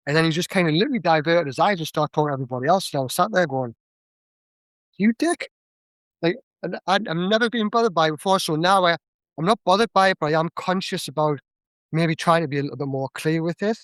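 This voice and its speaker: A young man with a Northeast English accent talks as a podcast guest, rattling along quickly in a chatty, animated way. His voice sits a little high and the sound is dry and close. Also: no room sound. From Northeast England. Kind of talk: casual chat.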